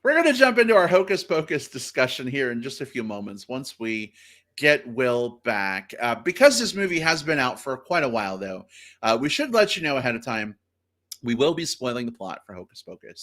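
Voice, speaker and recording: A man hosting a live podcast over a video call, upbeat and animated. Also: medium pitch. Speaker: podcast host.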